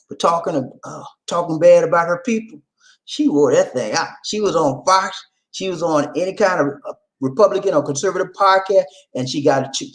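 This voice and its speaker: A man giving casual video commentary, animated and repetitive, laughing often and speaking straight to his viewers. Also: fairly high pitch.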